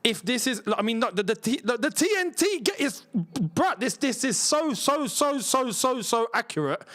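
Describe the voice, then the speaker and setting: A young man hosting a football watchalong stream, talking in a casual, disbelieving way, repeating himself and dropping to a mutter. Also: normal speed. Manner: incredulous, repeats himself, swings between excited and muttering low. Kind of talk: casual live-stream chat.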